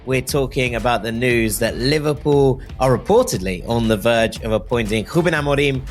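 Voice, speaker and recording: A man's voice: medium pitch, moderate pace, faint music behind. Man hosting a football podcast. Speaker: podcast host. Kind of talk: casual football podcast chat.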